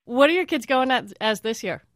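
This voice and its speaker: A woman leads a radio interview from the studio, her voice sitting a little high. The sound is very dry and close, with no room around it. She keeps things friendly and lightly teasing. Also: animated, fairly quick, no room sound. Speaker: radio show host.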